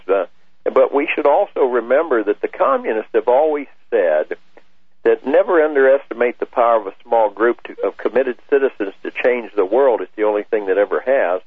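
Male radio guest, low husky voice, earnest and halting, heard over a dry phone line. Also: dry recording. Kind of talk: talk radio interview.

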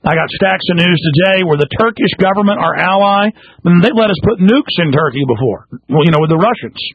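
A man's voice: high-pitched, lively intonation, a little fast, husky, dry recording. A man hosting a talk radio show, ranting in an emphatic way, with stumbling restarts and strings of rhetorical questions. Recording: slightly muffled radio broadcast.

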